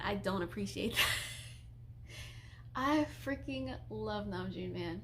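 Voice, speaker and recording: A woman's voice: medium pitch, unhurried, pauses often, pushed and bright. A woman in her twenties streaming casually, chatty and giggly, gushing like a fan while reading viewer questions. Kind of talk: casual live-stream chat.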